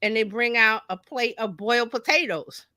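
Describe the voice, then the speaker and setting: Bright-voiced woman coach, lively and folksy. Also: on the high side, normal speed, no echo. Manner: lively, folksy, acts out little quoted voices. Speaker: marketing coach. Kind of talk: casual talk-show chat.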